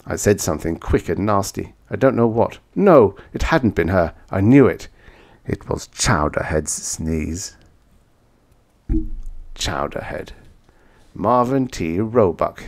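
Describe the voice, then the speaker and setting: A man's voice: low-pitched, gravelly. A man narrating a vintage science fiction audiobook in the first person, with dramatic, intense storytelling.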